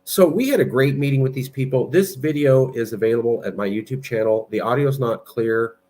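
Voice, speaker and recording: A man's voice: mid-range voice, fairly quick, darkish tone. A man giving blunt, argumentative political commentary while sharing his screen. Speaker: political movement president.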